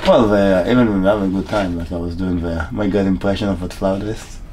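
A man's voice: deep voice, steady tone, fast, a little mellow, a little hiss or hum. A man co-hosting a podcast, telling stories about himself in a casual, self-deprecating way and acting out quotes. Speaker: podcast co-host. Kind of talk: casual chat.

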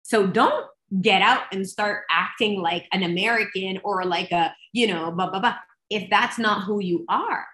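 Expressive woman coach, roomy sound. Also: mid-range voice. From Canada. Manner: emphatic and expressive, many quick restarts. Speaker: business coach, guest. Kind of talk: energetic coaching talk.

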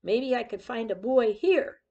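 A polite little boy puppy from a picture book, eager and a little wistful, put on by a woman reading aloud. The voice sits fairly high with a gravelly edge, and the manner is earnest and well-behaved. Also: animated, measured pace, warm tone, lo-fi sound. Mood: hopeful. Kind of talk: storybook read-aloud.

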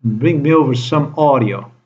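A man's voice: mid-range voice, moderate pace. A man delivering a profane, accusing monologue to camera, repeating his phrases as he rants. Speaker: vlogger. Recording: dull lo-fi recording.

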